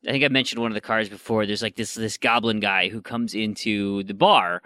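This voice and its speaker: Chatty man on a gaming podcast, bright dry voice. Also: lowish voice, fairly even intonation, fairly quick, clean tone, no echo. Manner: rambling, full of fillers and restarts. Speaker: podcast co-host. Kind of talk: casual gaming chat.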